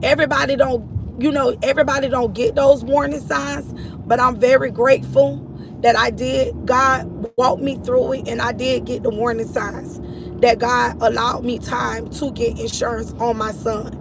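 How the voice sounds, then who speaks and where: Vehicles pass on the street as an earnest mother with a high, gravelly-edged voice recounts her grief for her followers. She keeps a steady tone at normal speed, repeating herself and calling her audience y'all.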